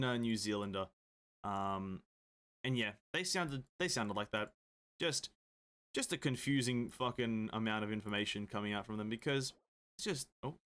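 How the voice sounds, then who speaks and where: A man's voice: medium pitch, fairly bright tone. An Australian man streaming a game, chatting casually into a desk mic, rambling and restarting sentences with the odd offhand swear. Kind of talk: casual chat while gaming.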